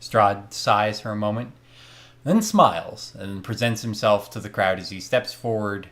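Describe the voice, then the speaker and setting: A man's voice: fairly low pitch, expressive, unhurried, a bit bright. A man running a tabletop game as game master, narrating casually.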